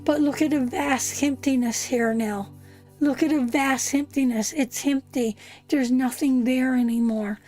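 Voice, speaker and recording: A woman's voice: sits high, fairly even intonation, unhurried, dark tone, soft background music. A woman from Canada giving an emotional live tarot reading, talking straight to her viewers in a heartfelt way. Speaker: tarot reader hosting a live stream.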